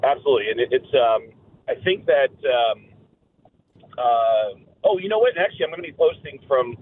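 A man's voice: medium pitch, lively intonation, normal speed, a little hiss or hum. Middle-aged male comedian guest, chatty and rambling, heard over a tinny phone. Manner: rambling storyteller, many fillers. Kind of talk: casual radio phone chat.

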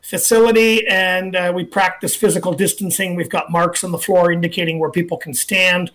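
A middle-aged man hosting a radio show, chatty and relaxed, slowly repeating numbers with plenty of fillers. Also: sits high. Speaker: radio talk show host and dog trainer. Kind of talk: casual radio talk and promotion.

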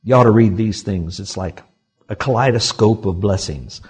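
A male pastor preaching a sermon to his congregation, swinging between loud exclamations and quiet asides. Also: fairly low pitch, normal speed, slightly rough, faint music behind. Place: church sanctuary.

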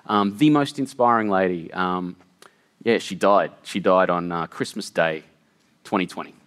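A man's voice: low voice, normal speed, a bit bright. A middle-aged man telling an emotional personal story, earnest and tumbling, with many fillers and restarts. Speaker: guest storyteller.

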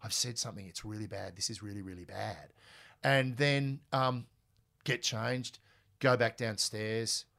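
A man in his forties with an Australian accent, telling animated stories as a podcast guest. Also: on the low side, a little slow, creaky. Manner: animated, acts out quoted voices. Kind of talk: casual storytelling.

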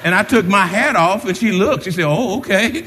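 Preacher man, high voice that swings all over, big echoey church. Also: a little fast, background noise. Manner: animated preaching with call-outs and retold conversations. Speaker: pastor. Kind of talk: sermon. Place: church sanctuary. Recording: long reverb of a large hall.

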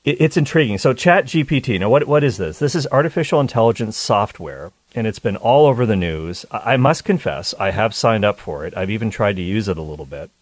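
A man's voice: on the low side, expressive, brisk, few pauses, dry recording. A man hosting a call-in radio talk show, chatty and joking with his listeners. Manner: chatty, jokey, upbeat.

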